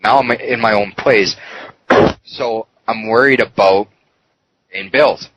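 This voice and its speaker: A man's voice: fairly low pitch, slow pace, fairly bright tone. A man recounting a heated story in a podcast interview, swearing often and acting out the dialogue. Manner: heated, profane retelling with quoted dialogue. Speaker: podcast guest. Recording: dull lo-fi sound with faint noise.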